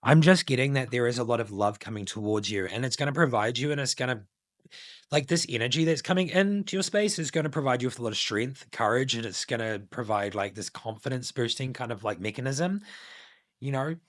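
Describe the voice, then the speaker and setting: A man's voice: mid-range voice, expressive, fairly quick, fairly bright tone, dry recording. Guy reading tarot for his channel, lots of "like", dry close sound. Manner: meandering, many filler likes, intuitive musing. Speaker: tarot reader. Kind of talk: casual spoken tarot reading.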